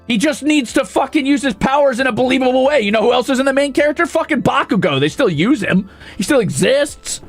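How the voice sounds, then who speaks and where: A man with a high, lively voice rants on a stream, exasperated and profane. His tone stays sarcastic, with a gravelly edge, and faint music plays behind him. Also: brisk. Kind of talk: ranting stream commentary.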